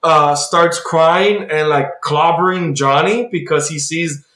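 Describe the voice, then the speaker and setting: A man's voice: on the high side, takes it slowly, bright, forceful tone. A man co-hosting a podcast, eagerly recapping a comic plot in casual chat, full of "like" and restarts. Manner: rambling comic recap, heavy use of "like". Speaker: podcast co-host. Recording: roomy echo.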